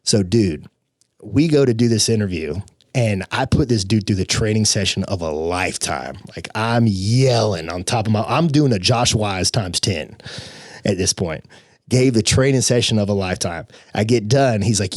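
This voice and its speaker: A man's voice: lowish voice, normal speed, no echo, studio quality. A young adult man, a podcast guest, telling a personal story casually and acting out the voices of people in it. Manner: animated, acts out quoted voices.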